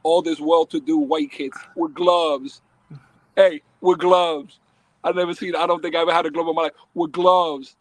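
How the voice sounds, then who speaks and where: High-voiced animated storyteller man. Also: normal speed, dry recording. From Dominican Republic. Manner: lively, acts out voices in his stories. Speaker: guest.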